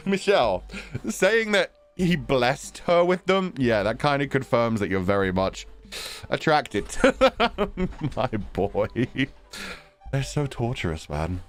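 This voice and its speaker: Laughing, animated male game streamer. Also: medium pitch, slow, soft background music. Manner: laughing, crude, teasing. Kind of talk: casual gaming commentary.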